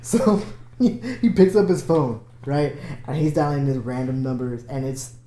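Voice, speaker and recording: A man in casual talk, telling an animated story and laughing along the way. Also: mid-range voice, a little slow, reverberant. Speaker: podcast guest.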